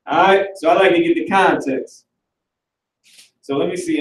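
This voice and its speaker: A talkative male teacher leading a casual online class, narrating each step as he clicks through. His voice sits slightly high, and the recording is roomy and set back from the mic. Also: a little fast, recorded from a distance. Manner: animated, talkative, works through the screen aloud.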